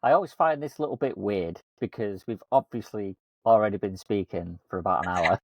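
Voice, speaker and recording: A man's voice: lowish voice, a little fast, dull audio, noisy background. A man co-hosting a casual coaching podcast, self-mocking and laughing often. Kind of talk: casual chat.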